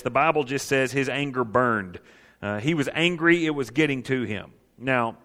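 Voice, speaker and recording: In a large hall with long reverb, a man preaches on counseling, his voice on the high side and a bit bright. He drives his points home emphatically, repeating key phrases for weight.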